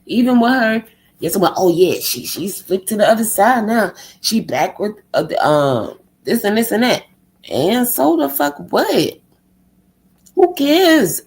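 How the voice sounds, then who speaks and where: A woman's voice: medium pitch, very animated, unhurried. Profane, heated woman ranting on stream. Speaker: live-stream host.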